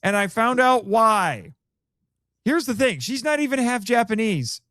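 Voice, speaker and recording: A man's voice: very high voice, big pitch swings, measured pace, bright, forceful tone, no room sound, studio quality. A man chatting casually on a podcast about films, reading out cast names as he looks them up. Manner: chatty, reads out cast names while looking things up. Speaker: podcast co-host.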